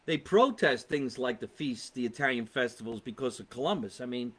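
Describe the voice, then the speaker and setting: A man's voice: medium pitch, sing-song, a little fast, fairly bright tone. A man with a New Jersey accent, a comedian hosting a casual live podcast, chatting and reading out viewer comments in a rambling way. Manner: chatty, rambling, exasperated asides.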